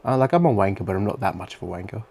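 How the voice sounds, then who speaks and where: Rambling young Aussie guy, lower voice. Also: lively intonation, rapid-fire, vocal fry, a little mellow. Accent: Australian. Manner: rambling and chatty, with many fillers and some swearing. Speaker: vlogger. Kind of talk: casual diary-style monologue.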